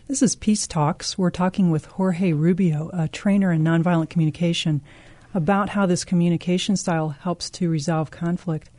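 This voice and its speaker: A woman hosts a radio interview show in a low, mellow voice. She reads her introduction in a measured way and then asks her guest questions. The studio recording is dry, with no room sound. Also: fairly even intonation, no room sound.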